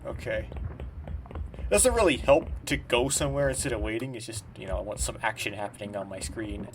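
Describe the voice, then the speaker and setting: A man casually commenting as he plays a game, in a quiet, rambling, low-key way. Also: a little fast, background noise. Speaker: gameplay commentator.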